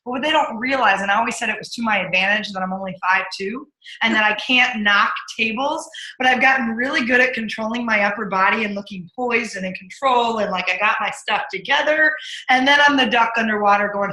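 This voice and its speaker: Woman, bright forceful voice, energetic punchy storyteller, echoey room. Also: on the high side, brisk. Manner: energetic, punchy, acts out her inner voice. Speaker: podcast guest, accountability coach. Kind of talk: candid interview storytelling.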